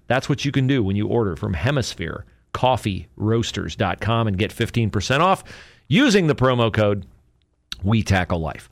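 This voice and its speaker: A man's voice: fairly low pitch, expressive, brisk, no echo. A man hosting a podcast alone, rambling through sports memories with fillers and self-corrections. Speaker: podcast host. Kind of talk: casual solo podcast talk.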